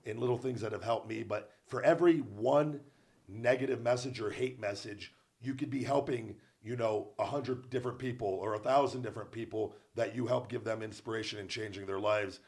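A man's voice: on the low side, darkish tone. A man in his thirties hosting a podcast, speaking earnestly and encouragingly in casual chat. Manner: earnest, encouraging, quick to agree. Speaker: podcast host.

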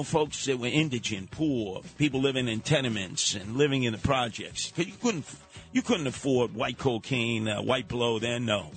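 An older radio host with a New York accent tells stories with animated, street-level energy. His voice sits at an ordinary middle pitch, and faint music plays underneath. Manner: animated storytelling, slipping into voices. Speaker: radio talk show host. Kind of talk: radio talk show monologue.

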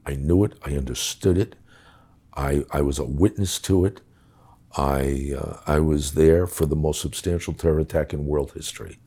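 A middle-aged man with a deep, dark and husky voice tells a story in conversation. He talks bluntly and with emphasis, swearing freely as he goes. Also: fairly even intonation, normal speed. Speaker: guest recounting his time as a police official.

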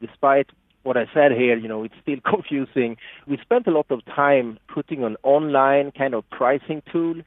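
A man's voice: mid-range voice, normal speed, no room sound, narrow, tinny audio. Swedish guy explaining stuff on a phone-ish line, dry sound, keeps restarting his sentences. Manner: frequent restarts and fillers, earnest. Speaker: product marketing manager, guest. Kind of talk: explanatory interview answers.

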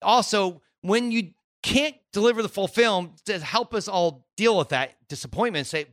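Male co-host, high and bright, dry close sound, emphatic casual talker. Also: normal speed, no echo. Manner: emphatic, repeats key points. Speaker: podcast co-host. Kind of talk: casual chat.

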